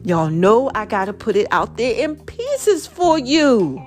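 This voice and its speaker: Woman podcast host from Brooklyn, pitched a touch high, tired, preachy, slangy, addressing the listener directly, faint music underneath. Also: big pitch swings, unhurried, a little mellow. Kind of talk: motivational podcast monologue.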